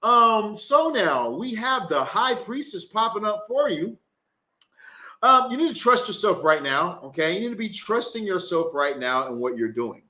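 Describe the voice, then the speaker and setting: Young guy doing tarot on a phone live, kinda high bright voice, swings up and down a lot, swears and rambles. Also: big pitch swings, normal speed. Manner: loose, profane, rambling, with many fillers. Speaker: tarot reader and spellcaster. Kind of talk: live-stream tarot reading and casual chat.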